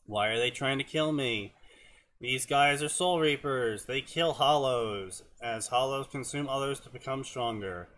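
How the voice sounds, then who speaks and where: A young man reading fanfiction aloud in a flat, casual way, stumbling over names and breaking off to mock the text. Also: mid-range voice, unhurried. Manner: reads flatly, slips and stumbles on names. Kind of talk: casual reading with mocking commentary.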